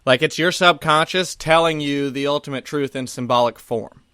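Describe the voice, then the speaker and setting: Comedy podcast co-host, a man with a bright, forceful voice pitched a bit high, rambling and swearing freely. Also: normal speed, smooth, no room sound, clean studio sound. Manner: rambling, profane, laughs often. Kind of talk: casual comedy podcast chat.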